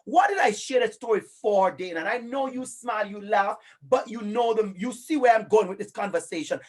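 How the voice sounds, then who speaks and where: Brisk and high-voiced, a Jamaican-accented man delivers a lecture live online. His manner is emphatic and animated, and at one point he addresses a colleague by name.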